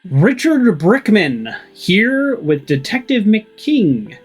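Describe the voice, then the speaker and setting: Man doing a slow, smarmy TV reporter. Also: high-pitched, huge pitch swings, husky, soft background music, voice pushed up, full character voice. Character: smarmy male TV news reporter.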